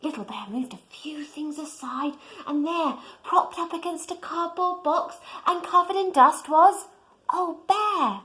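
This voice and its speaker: A woman reading a children's storybook aloud in a gentle way, pointing out the pictures to young listeners. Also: high voice, a little slow, rough recording.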